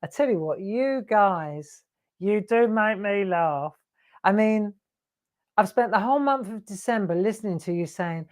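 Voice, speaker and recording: A woman hosts a live craft show in a relaxed, chatty way. She laughs easily and teases her viewers as she talks them through her work. Her voice sits at an ordinary middle pitch. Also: a little slow. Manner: chatty, giggly, teasing viewers. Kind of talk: live craft demonstration chat.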